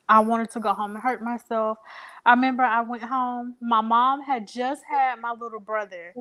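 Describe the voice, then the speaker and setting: Emotional young woman, higher voice. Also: fairly even intonation, pushed and bright. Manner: emotional, halting, many fillers. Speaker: interview guest. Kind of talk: personal storytelling.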